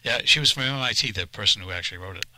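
A man hosting a radio interview, briskly passing along questions from listeners. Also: on the low side, pushed and bright, slight background noise, low-quality recording. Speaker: radio host.

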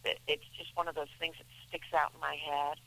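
Bright, chatty middle-aged actress. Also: female voice, low-pitched, level tone, a little fast, gravelly, poor audio. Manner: chatty, rambling with many restarts. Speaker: actress guest.

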